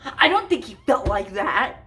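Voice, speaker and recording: A woman's voice: fairly high pitch, sing-song, moderate pace, recorded from a distance, noisy background. A woman mimicking a starstruck fortyish woman who gushes breathlessly over a singer. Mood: gushing. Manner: gushing, breathless fangirl.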